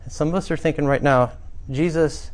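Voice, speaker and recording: A man's voice: on the high side, steady tone, rapid-fire. A middle-aged man preaching a sermon, telling a personal story earnestly and rising to emphatic swells. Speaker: pastor.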